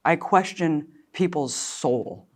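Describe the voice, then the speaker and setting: A woman's voice: low voice, slow. A woman guest on an interview, a documentary filmmaker, speaking with passionate indignation and raw emotion that at times nears tears.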